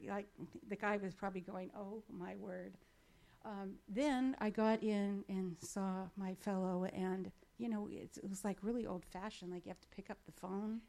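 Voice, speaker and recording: Woman, testimony speaker on stage; animated storyteller, plays out dialogue, chatty fillers, mid-range voice. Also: mid-range voice. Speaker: speaker sharing a personal faith story.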